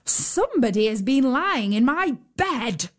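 A woman voicing a great huge male bear with a gruff voice in a storybook reading. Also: high-pitched, big pitch swings, measured pace, pitched above the performer's own voice.

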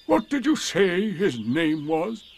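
Guy doing a sad slow old donkey, mopey, draggy, up-and-down voice. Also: high-pitched, very animated, vocal fry, slightly rough, voice pushed up, full character voice. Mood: gloomy. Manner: slow, mournful, drawn-out. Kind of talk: storybook reading.

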